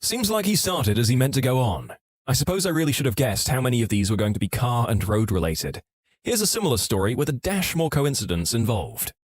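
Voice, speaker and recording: A man reading online stories aloud as scripted narration, with a steady storytelling delivery. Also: medium pitch, fairly quick, dry recording, clean studio sound.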